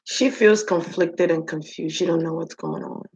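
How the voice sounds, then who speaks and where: On a rough recording with a little hiss or hum, a woman with a lowish, darkish voice does a casual spiritual reading. She speaks to the spirits themselves, musing aloud and drawing her words out.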